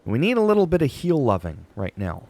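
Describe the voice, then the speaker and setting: A man giving a casual, chatty wrestling recap, animated and quick to act out quoted lines. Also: medium pitch.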